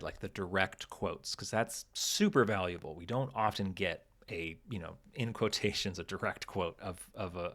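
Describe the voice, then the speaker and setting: A man's voice: low-pitched, a bit bright. A man hosting a podcast, talking casually and thinking aloud with frequent restarts. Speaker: podcast host. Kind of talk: casual analytical podcast talk.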